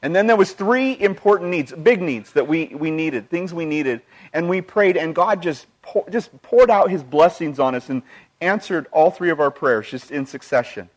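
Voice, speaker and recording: A man's voice: a little high, lively intonation, moderate pace. Earnest male pastor preaching a sermon. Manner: earnest, shifts between emphatic and hushed delivery; quotes scripture and retells personal stories.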